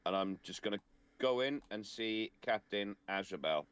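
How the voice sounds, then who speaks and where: A man playing his character in a tabletop role-playing game, talking in a relaxed, halting way with many fillers. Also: lowish voice, smooth. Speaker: player.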